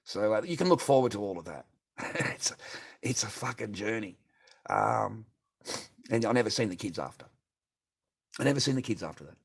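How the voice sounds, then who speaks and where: Brief: middle-aged Australian man, lowish voice, cursing and bitter, repeating himself in a long rant. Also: expressive, moderate pace, gravelly, pauses often, slightly rough. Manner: profane, repetitive, bitter. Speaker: streamer. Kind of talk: ranting monologue.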